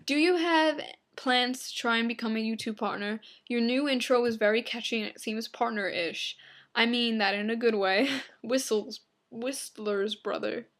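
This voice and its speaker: A young woman vlogger from Long Island reads out viewer questions and answers them in a blunt, flippant way. Her voice sits a little high for a woman, and she throws in quick offhand asides. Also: steady tone, a bit bright. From Long Island, New York. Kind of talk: casual Q and A vlog.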